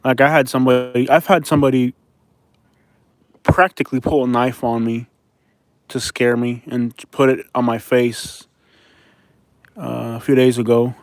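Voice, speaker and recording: A man's voice: medium pitch, little pitch movement, unhurried, long pauses, no room sound. A man with a Florida Southern accent chats casually with his viewers. He rambles and brags with a joking edge in an everyday mid-range voice. The recording is dry and close. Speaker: vlogger reading viewer comments. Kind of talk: casual chat.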